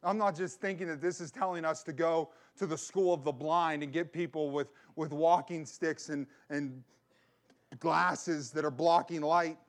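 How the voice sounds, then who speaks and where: A man's voice: fairly high pitch, steady tone, moderate pace. A man preaching a sermon as a pastor, telling a personal story and repeating phrases for emphasis.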